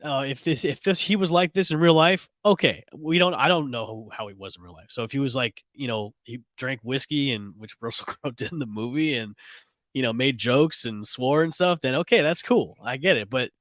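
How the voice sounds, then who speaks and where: A man co-hosting a casual movie-review podcast, talking at an ordinary pitch for his sex. He stumbles and restarts often but lands on firm opinions. The sound is dry and close, with no room echo. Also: expressive, fairly bright tone. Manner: halting, many restarts, emphatic opinions. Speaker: podcast co-host, film reviewer. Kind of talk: casual chat.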